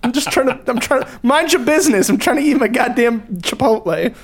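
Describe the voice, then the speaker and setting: A young man guest on a casual podcast, telling animated stories full of swearing and laughter. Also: very high-pitched, a little fast.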